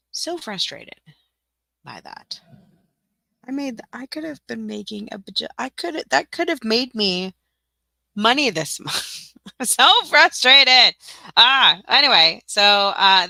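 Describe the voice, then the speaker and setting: A woman's voice: lowish voice, creaky, bright, forceful tone, no echo. A woman giving a casual screen-share tutorial, chatty and scattered, with frequent ums, self-corrections and muttered asides. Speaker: teacher-seller running a tutorial livestream.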